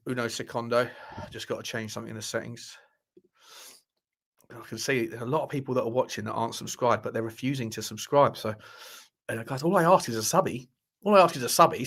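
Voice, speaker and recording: A man's voice: medium pitch, a bit bright. A man hosting a football fan livestream, chatting casually, rambling, correcting himself and joking with the live chat. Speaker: football fan channel host.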